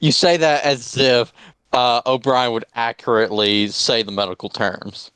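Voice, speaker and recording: A man's voice: medium pitch, steady tone, moderate pace, a bit bright, smooth, no room sound, rough recording. A man co-hosting a podcast in easygoing, joking casual chat. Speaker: podcast co-host.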